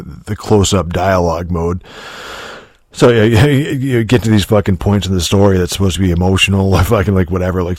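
A man talks through a casual game review in a deep, low voice, circling back on himself with constant fillers, restarts and swearing. The recording is dry and close, with no room sound around him. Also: darkish tone, dry recording. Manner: rambling, profane, many restarts and fillers.

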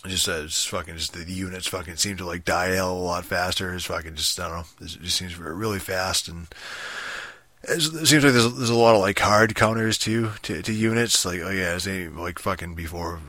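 Young guy with a really deep but bright voice, rambling on about a game, swearing nonstop, dry close sound. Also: steady tone, brisk, no echo. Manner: rambling, heavy swearing, many fillers and restarts. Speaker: gamer talking about a strategy game. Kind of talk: casual rambling chat.

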